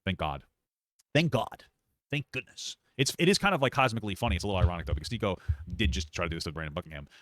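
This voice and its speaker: Host, male, deep voice, quick blunt debater, dry recording. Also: animated, a bit bright, no room sound. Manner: argumentative, blunt, swears. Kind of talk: casual reaction talk.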